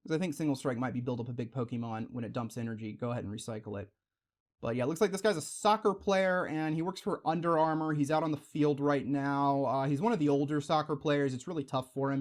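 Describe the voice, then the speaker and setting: A young man with a mid-pitched voice chats casually while opening card packs. He drifts through rambling asides and breaks into excited exclamations over the shiny pulls. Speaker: card-opening video host. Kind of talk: casual pack-opening chat.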